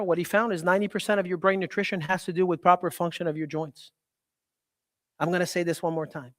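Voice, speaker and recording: A man giving a live health seminar to an audience, emphatic and repetitive, often asking the listeners questions. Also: sits high. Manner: emphatic, repeats key points, quizzes the audience. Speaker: health speaker.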